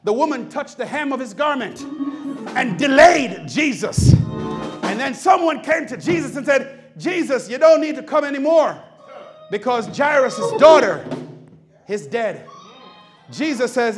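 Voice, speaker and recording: A man preaching a sermon as pastor in a church, shouting and calling for responses from the congregation. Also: very high-pitched, expressive, a little slow, music in the background. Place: church sanctuary.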